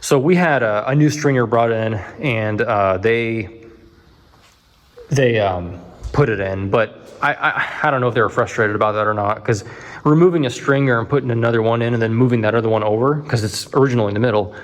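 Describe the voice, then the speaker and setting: A man casually walking through his house under construction, explaining framing problems in a rambling, animated way with many restarts. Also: mid-range voice, a little fast. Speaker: home builder filming his build. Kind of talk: walkthrough vlog.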